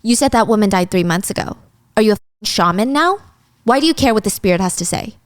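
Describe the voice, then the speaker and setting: A woman's voice: medium pitch, animated, fast talker, no echo, studio quality, close to an everyday voice. A woman voicing a scornful male police chief who sneers and threatens.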